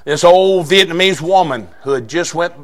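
High-voiced folksy preacher. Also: male voice, moderate pace. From southeastern Indiana. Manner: folksy storytelling with bursts of shouting. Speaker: pastor. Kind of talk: sermon.

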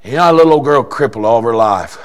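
An older man preaching a sermon, telling a story in a quiet voice that breaks into fervent shouting. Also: mid-range voice, animated, fast talker.

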